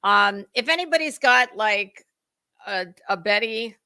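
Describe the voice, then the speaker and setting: A woman's voice: mid-range voice, expressive, a little slow, pushed and bright. A middle-aged woman, hosting a rambling livestream chat, greeting viewers by name and fighting a dry cough. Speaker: livestream host. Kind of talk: casual chat.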